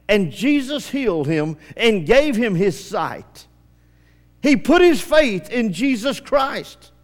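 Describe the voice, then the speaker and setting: Male preacher, very high voice, fervent revival sermon, hushed to shouting, long hall reverb. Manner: impassioned, swings from hushed to shouting. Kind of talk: evangelistic sermon. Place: church service.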